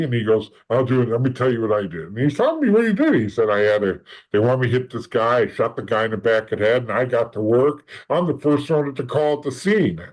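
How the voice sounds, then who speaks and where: A man of middle pitch recounting his own past as a podcast guest. He rambles and restarts often and slips into the voices of the people he quotes. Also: very animated, quick pace, hardly any pauses, a little mellow, rough recording. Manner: rambling, acts out quoted dialogue, frequent restarts. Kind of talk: casual storytelling in conversation.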